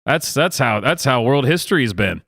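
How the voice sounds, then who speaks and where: A man's voice: mid-range voice, lively intonation, moderate pace, gravelly, a bit bright, no room sound, studio quality. A man hosting a show where he reacts to videos, talking sarcastically and laughing often. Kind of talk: casual reaction commentary.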